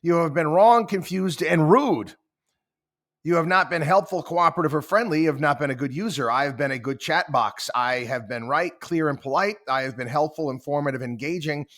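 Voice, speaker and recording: A man's voice: medium pitch, fairly quick, hardly any pauses, a bit bright, close to an everyday voice. A man voicing an insistent AI chatbot that grows stiff, self-assured and scolding. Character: insistent, prickly AI chatbot, male-voiced.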